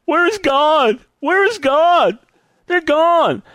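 A man's voice: extremely high pitch, animated, slow, pushed and bright, dry recording, clean studio sound, pitched above the performer's own voice, exaggerated voice. A man acting out a grieving friend whose wife and child just died, crying out in desperate, cracking cries. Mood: anguished. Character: grieving man who lost his family, sobbing.

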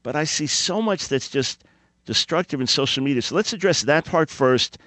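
An earnest man speaking as a guest on a radio show, measured but insistent. The recording is dry, with no room echo. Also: fairly high pitch, lively intonation, a bit bright.

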